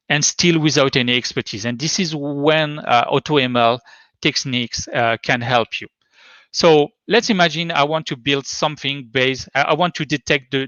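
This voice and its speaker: A man's voice: medium pitch, fairly bright tone, no room sound, muffled recording. French-accented man giving a tech talk. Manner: hesitant, many fillers and restarts. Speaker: conference speaker. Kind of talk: technical talk with live demo. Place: home.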